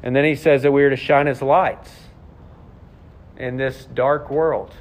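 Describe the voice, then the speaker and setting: A pastor with a level tone and measured pace preaches in a conversational, confessional way, putting rhetorical questions to his congregation. The sound is slightly muffled, with a faint rumble.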